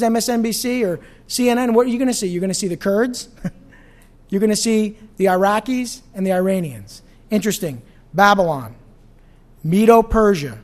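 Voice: mid-range voice, a little mellow. A pastor teaching an evening Bible study in a conversational way, often asking the audience questions.

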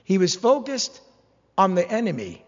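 A man preaching a sermon, animated and humorous, slipping into mock-whining voices as he acts out complaints. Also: high-pitched, moderate pace, long reverb tail, lo-fi sound. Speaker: pastor.

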